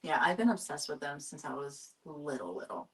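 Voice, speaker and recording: Animated woman, low voice, a bit off-mic. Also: fairly quick, distant mic. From Mexican. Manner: animated, acts out phone calls in different voices. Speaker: podcast co-host. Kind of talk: casual chat.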